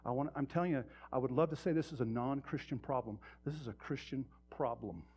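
A pastor with a medium-pitched, darkish, husky voice talks a little fast as he preaches. He speaks straight to the congregation in the church sanctuary, using rhetorical questions, and the recording sounds muffled and lo-fi.

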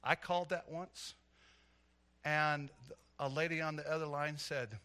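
A middle-aged man preaching a sermon, telling stories with animated energy that swells into loud, emphatic preaching. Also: a little high, a little slow. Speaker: pastor.

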